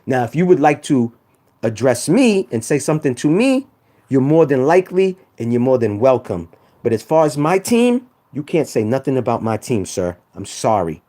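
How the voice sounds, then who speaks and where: A man's voice: medium pitch, very animated, normal speed, dark tone. A man trash-talking rival sports fans on a live stream, teasing and repeating himself for emphasis. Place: home room.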